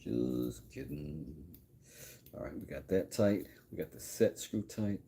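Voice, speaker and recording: A man's voice: fairly low pitch, normal speed, gravelly, warm tone, slight background noise. A man hosting a vlog, chatting casually to himself with joking asides while working on a desk in a workshop. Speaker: vlog host. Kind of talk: casual running commentary while woodworking.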